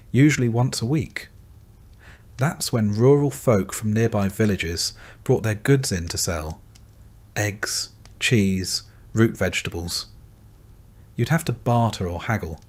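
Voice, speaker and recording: A man narrating a scripted bedtime history story in a calm, unhurried way. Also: lowish voice.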